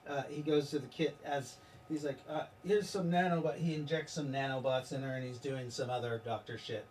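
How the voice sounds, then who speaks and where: A man running a tabletop game as game master, talking in a rambling, halting way and laughing at his own jokes. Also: medium pitch, little pitch movement, darkish tone, distant mic, a little hiss or hum.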